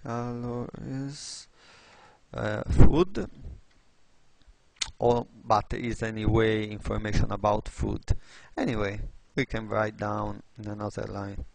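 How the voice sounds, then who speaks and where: A man from Italy with an Italian accent, tutoring on design while thinking aloud, halting with many fillers and restarts. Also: on the low side, steady tone, gravelly, darkish tone. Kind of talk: screen-recorded tutorial.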